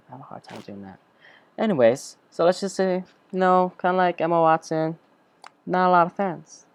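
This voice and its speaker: A young man giving a rambling, joking software tutorial as a student tutor, full of chatty asides. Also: high voice, moderate pace, clear, resonant tone. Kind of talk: screen-recorded software tutorial.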